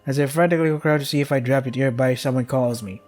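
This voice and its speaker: A man's voice: mid-range voice, racing, a little mellow, soft background music. A young man streaming a game, reading its text aloud and breaking off to swear and complain in exasperation, skipping lines with "yada yada".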